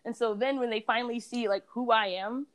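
A woman's voice: a little high, fairly even intonation, a little fast. A woman in a casual conversation about beauty brands, a reviewer and blogger who tells her stories with animation and acts out other people's voices.

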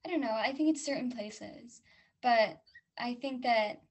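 Woman podcast co-host, slightly high voice, hesitant casual talker. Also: a little slow, slightly rough. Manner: hesitant, self-conscious, trailing off. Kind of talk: casual chat.

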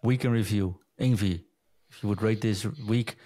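A man with a fairly low voice hosts a casual talk show. He moves easily from topic to topic, chatty and relaxed, keeping the conversation going. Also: moderate pace. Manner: relaxed, chatty, leading the segments. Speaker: podcast host. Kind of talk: casual chat.

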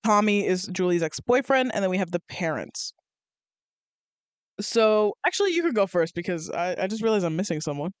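A woman's voice: medium pitch, sing-song, fairly quick, clean tone, no room sound. A young woman in her twenties co-hosts a chatty podcast. She talks playfully and often breaks off to rephrase. Her voice is clean and resonant, and the recording is dry. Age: 20s. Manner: hesitant, self-correcting, playful. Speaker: podcast co-host. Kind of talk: casual chat.

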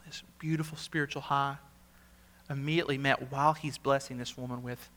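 A male senior pastor preaching a sermon. He speaks earnestly, repeats words for emphasis, and swings from emphatic peaks to quiet asides. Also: medium pitch, steady tone, brisk.

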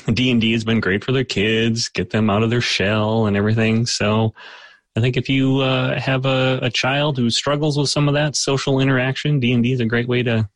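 A man serving as game master on a tabletop gaming podcast talks casually and haltingly, with plenty of fillers and self-deprecating asides. His voice is medium in pitch, with no room sound.

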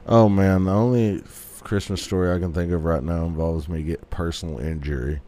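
A man's voice: low-pitched, fairly even intonation, brisk, dark tone. A man in casual podcast chat, laid-back, giving short agreeing replies and swearing casually. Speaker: podcast co-host.

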